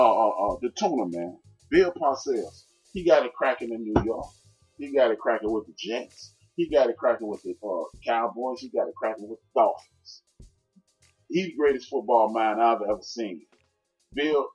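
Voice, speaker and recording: A man's voice: medium pitch, slightly rough. A man hosting a sports podcast, talking brashly with playful trash talk. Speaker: podcast host.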